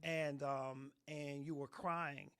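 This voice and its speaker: A middle-aged man, a pastor, telling his personal testimony in an interview with animated storytelling, acting out the voices of people in his story. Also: on the high side, takes it slowly, clean tone. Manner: animated storytelling, acts out quotes.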